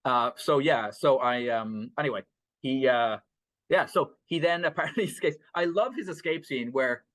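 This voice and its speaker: A man's voice: medium pitch, normal speed, a bit bright, no room sound. A man co-hosting a casual film podcast, rambling through plot summaries with many fillers, restarts and laughs. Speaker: podcast co-host.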